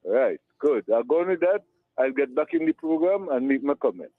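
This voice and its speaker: A Trinidadian man calling in to a radio show, giving rambling, affectionate shout-outs and repeating his words. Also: medium pitch, expressive, brisk, dry recording. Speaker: radio caller. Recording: tinny phone line.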